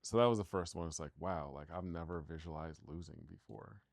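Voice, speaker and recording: Low voiced guy thinking out loud, lots of likes, dry room. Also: fairly quick, gravelly, no room sound. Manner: rambling, full of "like" fillers and restarts. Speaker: co-host. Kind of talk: casual chat.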